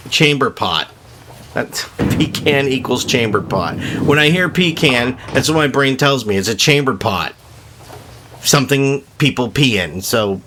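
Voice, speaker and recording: Male gaming host, bright tone, chatty opinionated rambling, faint noise behind. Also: mid-range voice. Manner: rambling, opinionated, joking rants. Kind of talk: casual gameplay commentary.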